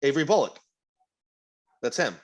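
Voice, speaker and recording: Animated, teasing podcast guy. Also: medium pitch. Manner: teasing, swearing, quick to laugh. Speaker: podcast co-host. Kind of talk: casual chat.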